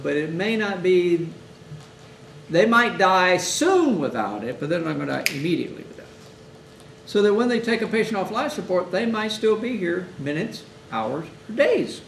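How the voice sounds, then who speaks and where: High, gravelly-voiced man lecturing. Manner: animated storytelling, acting out families' words. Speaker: hospital chaplain instructor. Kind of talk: conversational lecture. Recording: echoey room, mic at a distance, faint hiss.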